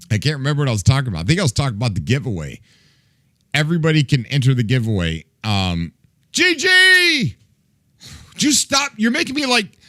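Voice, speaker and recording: A man streaming and chatting loosely with his viewers, his voice bouncing all over in pitch. He laughs a lot, does goofy sound effects and plays at being fed up with the chat. The sound is dry and close, with no room in it. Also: no echo. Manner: mock-exasperated as he reacts to chat. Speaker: livestream host.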